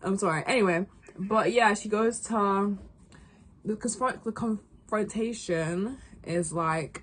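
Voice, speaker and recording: A young woman in casual chat, rambling through a game recap with lots of fillers and quick asides. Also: medium pitch, slight background noise. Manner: rambling, full of fillers and acted quotes. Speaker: gaming vlogger recapping a game.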